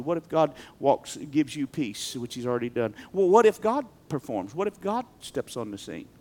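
High-voiced preacher, emphatic. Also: male voice. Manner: emphatic, swings between shouting and quiet talk. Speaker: pastor. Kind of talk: sermon.

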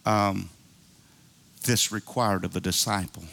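A man's voice: lowish voice, fairly even intonation, slow pace, gravelly, a bit bright. A man preaching a sermon in a church, folksy and colloquial, calling out to the congregation and acting out little prayers. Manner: preaching with call-and-response and playful asides, acting out prayers. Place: church sanctuary.

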